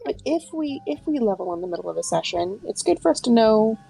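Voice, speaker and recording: A woman with a husky, creaky voice, chatting as a player in a tabletop game. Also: a little high, big pitch swings, fast, dark tone, faint music behind, low-quality recording. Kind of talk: casual tabletop chat.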